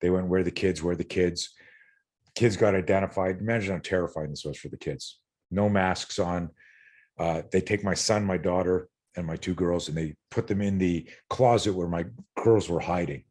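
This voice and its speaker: Blunt, low-voiced middle-aged man. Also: moderate pace, darkish tone. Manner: blunt and earnest, swears freely, repeats words when stirred. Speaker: self-defense instructor, podcast guest. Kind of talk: candid interview storytelling.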